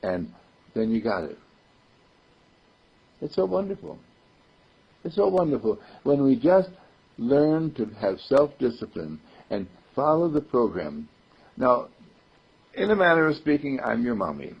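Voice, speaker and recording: Brief: man spiritual teacher, raspy gravelly voice, lively swooping delivery, chuckles, dull lo-fi tape. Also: medium pitch, unhurried, long pauses. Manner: playful, chuckling, repeats affirmations. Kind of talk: informal sermon to a group. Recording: dull lo-fi recording.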